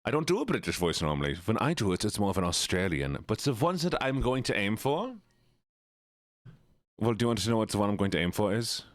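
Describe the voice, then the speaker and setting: A man's voice: on the low side, very animated, a little fast, dry recording, studio quality. A man streaming live, chatting casually and teasingly with his viewers. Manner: playful, teasing, talks straight to chat.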